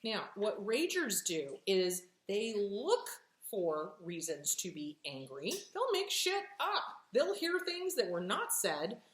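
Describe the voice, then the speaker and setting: A woman's voice: mid-range voice, slow, hardly any pauses, reverberant. A woman hosting a show on relationships, talking plainly and bluntly with swearing, often acting out quoted reactions. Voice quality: animated, acts out voices in quotes. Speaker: host answering relationship questions. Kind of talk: casual talk, emphatic and profane.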